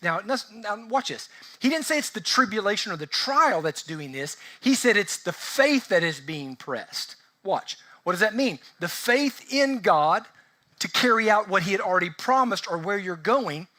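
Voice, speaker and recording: Bright, high-voiced preaching man. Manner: animated, rhetorical questions to the congregation. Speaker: pastor. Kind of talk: conversational sermon.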